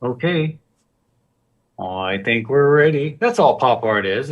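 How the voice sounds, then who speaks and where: A man's voice: mid-range voice, lively intonation, slow, long pauses, far from the mic. A man teaching a live painting demonstration, talking loosely and joking while he works. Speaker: guest painting instructor.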